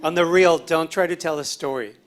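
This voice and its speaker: A man's voice: on the high side, brisk. A man on a panel giving brief, matter-of-fact advice. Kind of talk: panel discussion.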